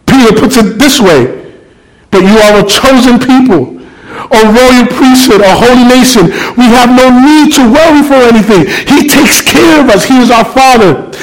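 High-voiced preaching man, passionate. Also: animated, moderate pace, rough recording. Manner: passionate preaching, shifts between loud calls and soft low reflection. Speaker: pastor. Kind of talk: sermon.

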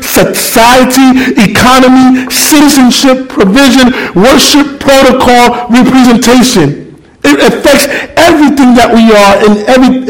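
High-pitched middle-aged preacher guy, fired up then going soft and low. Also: poor audio. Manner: passionate preaching, shifts between loud calls and soft low reflection. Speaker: pastor. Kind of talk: sermon.

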